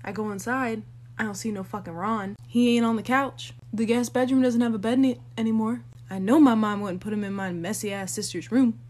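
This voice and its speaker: Gossipy young woman, a bit high. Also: fairly quick. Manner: gossipy, sarcastic and animated. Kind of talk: casual storytelling vlog.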